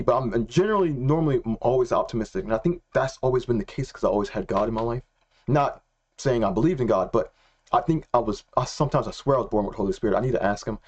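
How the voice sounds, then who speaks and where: A young man telling a personal faith story in a casual, excitable way, slangy and repeating himself. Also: medium pitch, dull audio. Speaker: Christian vlogger.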